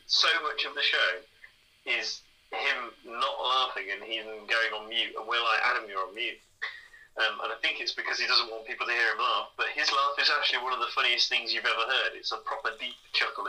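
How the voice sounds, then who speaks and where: A man's voice: mid-range voice, fairly quick, bright, forceful tone, rough recording. A man co-hosting a podcast in casual chat, rambling with frequent ums and the odd swear word. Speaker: podcast co-host.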